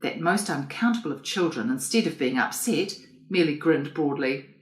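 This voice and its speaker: A woman narrating an audiobook in a composed, even storytelling manner. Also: low-pitched, moderate pace. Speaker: reader. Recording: roomy echo.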